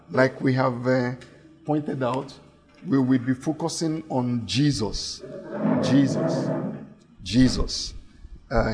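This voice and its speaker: A man's voice: mid-range voice, darkish tone, husky. A man preaching a teaching sermon, repeating key phrases and putting questions to his listeners.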